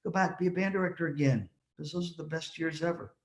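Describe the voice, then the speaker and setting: A man's voice: on the high side, fast talker. Older male motivational speaker, echoey. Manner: storytelling, acts out quoted voices. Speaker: guest speaker. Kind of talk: motivational talk. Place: virtual conference talk.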